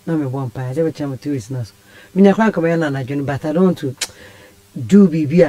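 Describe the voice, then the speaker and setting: A woman's voice: low-pitched, fast, warm tone. A Ghanaian woman telling a personal story as a radio guest, impassioned and rambling. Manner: impassioned, rambling, switches languages. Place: radio studio.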